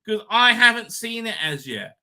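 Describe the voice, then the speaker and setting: Bright-voiced man rambling on a livestream. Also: extremely high pitch, big pitch swings, normal speed. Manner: crude, rambling, full of fillers and "right?". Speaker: livestream host. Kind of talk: casual livestream commentary.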